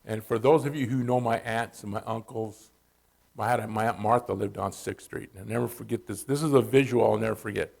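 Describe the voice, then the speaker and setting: Low, gravelly man telling family stories. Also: steady tone, brisk, a little mellow. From Southern California. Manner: casual, conversational, says "man" often. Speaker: church speaker. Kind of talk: personal storytelling at church.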